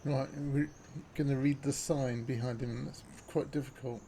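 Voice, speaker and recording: A man's voice: mid-range voice, moderate pace, a little hiss or hum. A man giving casual, offhand commentary over a playthrough. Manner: relaxed, offhand. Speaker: gameplay commentator.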